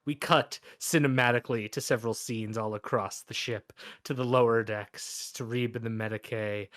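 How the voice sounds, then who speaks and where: A man narrating a tabletop game as game master, casual and halting. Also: medium pitch, steady tone, a bit bright, no echo, clean studio sound. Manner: casual, halting, lots of restarts.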